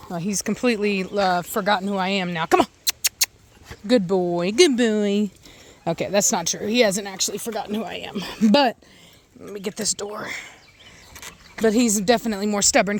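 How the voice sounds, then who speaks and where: A woman's voice: medium pitch, moderate pace, a little hiss or hum. A woman hosting her own dog-breeding vlog outdoors, chatting casually with lots of fillers and restarts and calling commands to her dog. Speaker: dog breeder and channel host. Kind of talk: casual vlog talk to camera. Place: outdoors in a yard.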